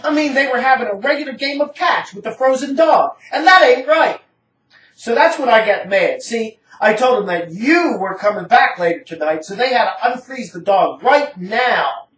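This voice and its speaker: A woman's voice: on the high side, lively intonation, moderate pace, hardly any pauses, slight background noise. A woman giving a dramatic first-person story reading in a rambling, casual, slangy manner. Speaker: narrator. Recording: roomy, distant from the mic.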